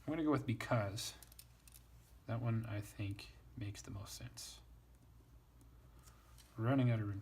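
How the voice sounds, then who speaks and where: A man's voice: fairly low pitch, slow pace, pauses often, darkish tone, slight background noise. A man teaching Latin translation in a casual, thinking-aloud way, wry and self-deprecating.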